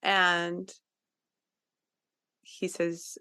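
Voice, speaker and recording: A woman's voice: lowish voice, fairly even intonation, very slow, creaky, pauses often, sharp tone, clean tone. A woman hosts a podcast and tells a personal story straight to the listener. Her talk is casual and full of fillers, with the odd swear word. She stresses the lessons she wants listeners to take away. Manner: earnest, driving home lessons to the listener. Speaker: podcast host.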